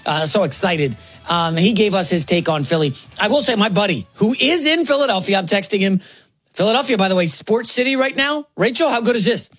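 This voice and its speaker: Excited sports radio host, a man. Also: high-pitched, husky, no echo, soft background music. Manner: excited, quick asides and self-corrections. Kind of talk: energetic sports talk.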